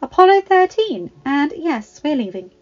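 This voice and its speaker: A woman voicing a bossy, know-it-all teenage girl witch who talks briskly and fussily. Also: high-pitched, very animated, voice pushed up. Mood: eager. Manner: brisk, eager, fussy. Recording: slightly dull home recording.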